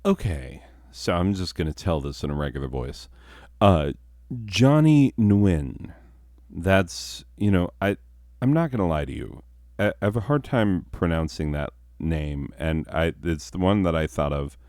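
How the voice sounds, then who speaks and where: A man's voice: deep voice, sing-song, a little slow, darkish tone, dry recording, studio quality. A man telling a comic story with rambling, self-mocking asides. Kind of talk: comedic storytelling.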